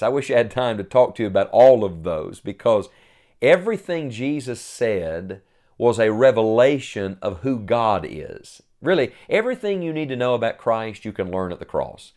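A man's voice: medium pitch, animated, moderate pace. Earnest male preacher delivering a sermon. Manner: earnest preaching, rises to loud cries when quoting.

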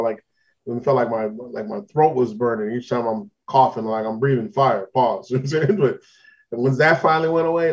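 Over lo-fi sound, a podcast co-host with a mid-range, darkish voice relates a long story in laid-back slang. He hasn't quite recovered from an illness and still has some symptoms.

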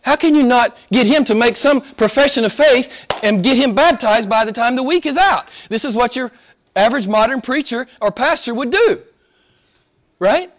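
A male pastor preaching a sermon, emphatic, swinging between loud exclamations and hushed asides. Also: extremely high pitch, animated, normal speed.

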